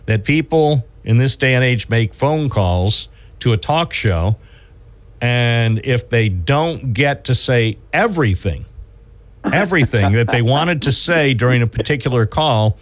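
A man's voice: mid-range voice, expressive, unhurried. A man hosting a radio talk show, rambling along and restarting his sentences as he chats with a caller. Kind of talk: casual radio chat.

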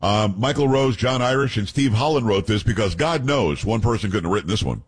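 Husky-voiced talk radio host. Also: male voice, on the low side, expressive, brisk. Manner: reads news aloud and adds blunt asides. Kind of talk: opinionated talk radio commentary.

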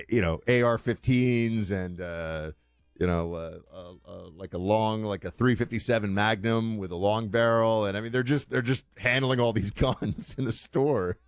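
Low-voiced male host, dry close sound, rambling chatty commentary. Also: steady tone, unhurried, clean tone, no echo, faint music behind. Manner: chatty, many fillers and restarts. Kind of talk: casual talk-show commentary.

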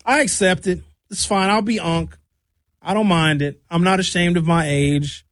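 A man in his fifties tells stories in a casual monologue, acting out voices and shouting impressions with animation. His voice is high-pitched, his pace moderate, and there's no echo.

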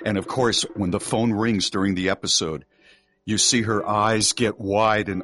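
A man's voice: on the low side, moderate pace. A man co-hosting a radio talk show, retelling a spooky story with acted-out quotes over a music bed. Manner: animated storyteller acting out quotes.

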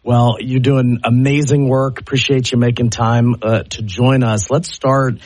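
A man sits in as host of a radio talk show and welcomes a guest. He talks in a loose, easygoing way with a few fillers. His voice is slightly husky and the sound is dry and close. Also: medium pitch, level tone, a little slow, darkish tone, no echo. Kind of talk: casual radio hosting.

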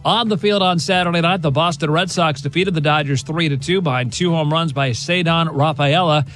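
A man's voice: fairly high pitch, brisk, a bit bright, rough recording. A male anchor reading a sports news update.

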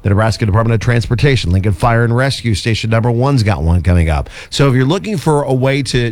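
A man hosting a morning radio segment, reading listener shout-outs and community plugs in an announcer's manner. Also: medium pitch, dry recording. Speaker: radio show host. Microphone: studio microphone.

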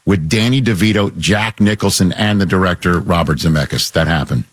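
A man's voice: low-pitched, brisk, no echo. A man interviewing a guest, asking eager questions and giving brief affirmations.

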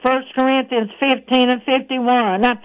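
A woman preaching a radio sermon, breaking every phrase with "praise the Lord" and reading scripture slowly. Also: high voice, steady tone, rough recording. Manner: reads scripture aloud in a slow, measured voice.

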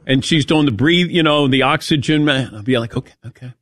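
A man's voice: fairly quick, dry recording, clean studio sound. A man hosting a radio talk show, telling stories in casual chat and mimicking people in a raised voice. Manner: animated storyteller, mimics people in higher voice.

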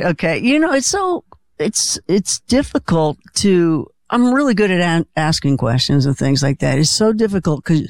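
A woman's voice: sits low, no room sound, clean studio sound. A woman hosting a late-night call-in radio show, asking questions in a supportive way. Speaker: radio host.

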